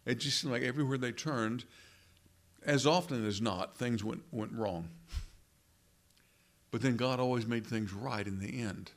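Speaking with a medium-pitched voice, this pastor prays and preaches earnestly and at a measured pace. He often tags his statements with rhetorical questions.

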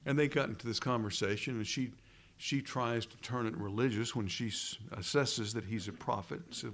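A man preaching a sermon, earnest and emphatic, with dramatic pauses and quoted lines dropped low and hushed.

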